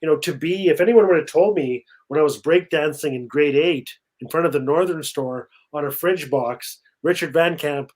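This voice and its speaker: A middle-aged man from Canada tells a story on a video call, his voice a little higher than most men's. He repeats words as he goes and acts out the people he quotes. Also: normal speed, few pauses. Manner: warm storytelling with repetitions and acted quotes. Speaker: author guest. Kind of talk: live-streamed conversation.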